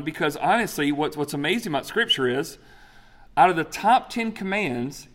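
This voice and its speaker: Conversational male pastor, slightly high voice. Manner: conversational, checks in with "okay?" and "folks"; animated storyteller. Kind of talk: sermon.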